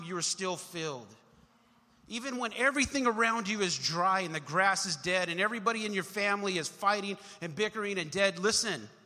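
Bright-voiced preacher man in a reverberant hall. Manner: emphatic, builds to shouts then drops low. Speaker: pastor. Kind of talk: sermon. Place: church hall.

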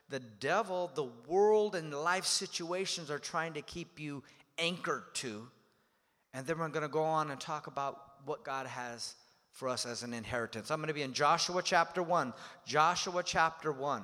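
Pastor, male, high voice, emphatic sermon delivery, long hall reverb. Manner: emphatic, calls on the congregation to repeat phrases; dynamic preaching with swings in loudness.

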